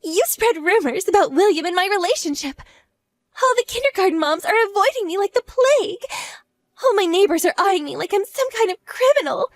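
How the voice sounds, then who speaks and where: A woman's voice: very high-pitched, expressive, fairly quick, no room sound. A woman voicing a jealous mistress in an audio drama, shrieking accusations and close to tears. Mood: furious. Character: shrill jealous mistress, young adult woman, furious.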